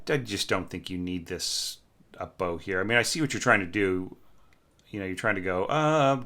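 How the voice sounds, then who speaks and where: Bright-toned man humming through score critique. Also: fairly low pitch, lively intonation, moderate pace. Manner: thinking aloud with fillers, humming melodies. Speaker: orchestration teacher reviewing scores. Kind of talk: casual spoken score critique.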